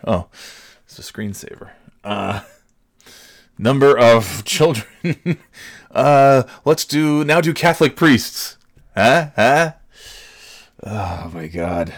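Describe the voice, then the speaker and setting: A man's voice: medium pitch, creaky. A man in his forties hosting a casual solo talk show, ranting and swearing with sarcastic asides. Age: 40s. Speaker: podcast host.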